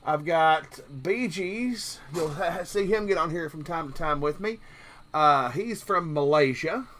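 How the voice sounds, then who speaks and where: This Kentucky man hosts a casual live stream, drawling in a Southern accent and rambling along with jokes and plenty of fillers. His voice is a little high, a little slow and a bit bright, with a little hiss or hum in the audio.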